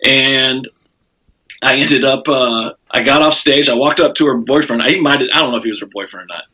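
Over poor audio, a comedian shares a rowdy story from his stand-up gigs on a podcast, swearing freely in a bright, forceful mid-range voice with a breathy edge at normal speed. He's animated, acting out others' quotes louder and higher, in a loose, chatty rhythm full of fillers.

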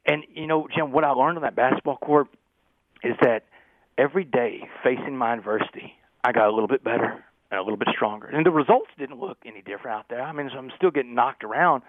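A man telling a gripping personal story as a podcast guest, animated and peppering his talk with "man". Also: medium pitch, no room sound. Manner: fast, animated storyteller, keeps saying "man". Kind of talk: storytelling interview. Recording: tinny phone-like line.

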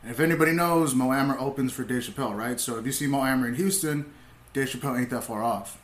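A young man, a comedian, telling stories in laid-back casual talk, swearing freely and getting animated as he retells. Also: medium pitch, fast talker, echoey room. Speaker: comedian, podcast guest. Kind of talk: casual storytelling.

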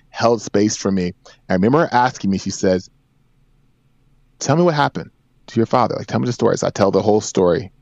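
Speaking in a lowish voice with a darkish tone, a man in his forties tells a podcast host a personal story. He's earnest and emphatic, with repeated phrases. The sound is dry and echo-free but dull and lo-fi.

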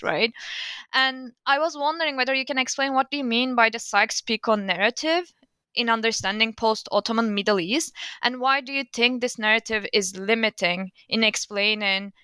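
A woman's voice: on the high side, pushed and bright, clean tone, dry recording. A woman hosting an interview, asking long, carefully phrased questions about the guest's book. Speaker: interviewer, podcast host.

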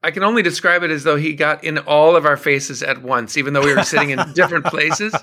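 A middle-aged songwriter from Minnesota, chatting as an interview guest and telling animated stories. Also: male voice, fairly high pitch, quick pace. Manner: animated storyteller, acts out quotes. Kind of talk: casual interview chat.

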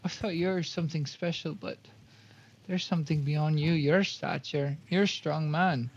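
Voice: mid-range voice, fairly even intonation, normal speed, husky, muffled recording, pitched below the performer's own voice. A player doing a panicked, swearing young adventurer. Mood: grim. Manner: loud, frantic ranting full of swearing. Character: young male adventurer, panicked and foul-mouthed.

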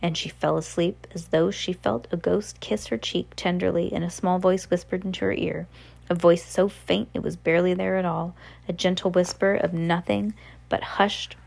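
Gravelly woman reading a novel aloud. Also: fairly low pitch, fairly even intonation, normal speed, a little mellow. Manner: casual, unpolished read with self-corrections. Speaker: reader.

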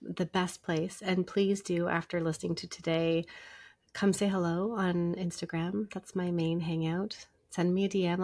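A middle-aged woman psychologist, a podcast guest, telling stories in a warm conversational way and acting out bits of dialogue. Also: fairly low pitch, gravelly, no room sound, clean studio sound. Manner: animated storyteller, acts out dialogue.

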